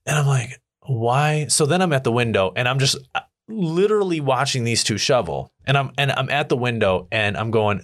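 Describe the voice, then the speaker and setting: In casual conversation, a man tells an irritated, profane story about his neighbor, switching to a much higher voice to act out his rants. His delivery is animated and a bit bright, at a normal speed.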